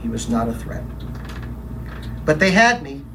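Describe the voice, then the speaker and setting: A man's voice: medium pitch, very animated, measured pace, pushed and bright, distant mic, slight background noise, low-quality recording. A man playing a troubled, defensive middle-aged Roman governor in a first-person dramatic monologue, telling his story in a brooding, confessional way with emphatic quoted lines.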